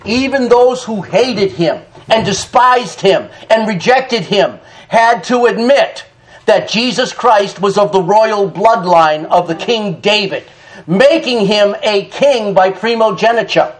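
A middle-aged man preaching a sermon, animated and dramatic, reading scripture and telling stories. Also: sits high, slow pace, poor audio. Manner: animated, dramatic, reads scripture in King James wording.

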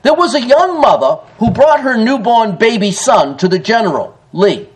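Male pastor, sermon; emphatic, lively, higher-pitched delivery with big swings. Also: normal speed, poor audio. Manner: emphatic preaching, reads scripture aloud with rising emphasis; swings between loud declarations and low, quiet asides.

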